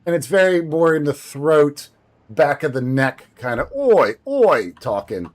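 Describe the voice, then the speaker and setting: A man's voice: a little high, measured pace. A man streaming a game, chatting casually in a rambling way, with lots of fillers and some swearing.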